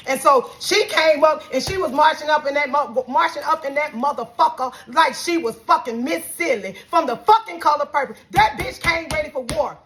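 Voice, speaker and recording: Bright, high-voiced woman ranting. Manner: heated, profane, acts out both sides of the argument. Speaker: vlogger. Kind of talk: angry storytime rant.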